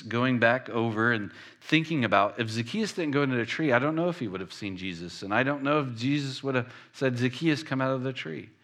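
This is a man delivering a sermon in a conversational, emphatic way. His voice sits at a medium pitch with a bright, forward edge. He keeps putting questions to the listeners and hits the words he wants them to hear. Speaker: preacher.

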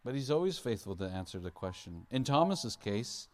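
In a sing-song, darkish mid-range voice at a moderate pace, a male pastor preaches like he's having a conversation. He asks the congregation questions and imitates Bible figures with playful voices.

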